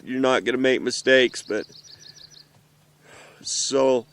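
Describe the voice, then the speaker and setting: A middle-aged father, emotional and earnest, speaking haltingly outdoors in the mountains in a heartfelt message to his children. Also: mid-range voice, fairly bright tone, clean tone. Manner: earnest, halting, with pauses and restarts.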